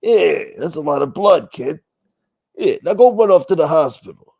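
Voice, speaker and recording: A man's voice: fairly high pitch, expressive, normal speed, gravelly, darkish tone, slightly rough, lo-fi sound, pitched above the performer's own voice, heavily acted. A man voicing a sinister stranger who hands out poisoned Halloween treats, taunting the kids in a mock-sweet, menacing way.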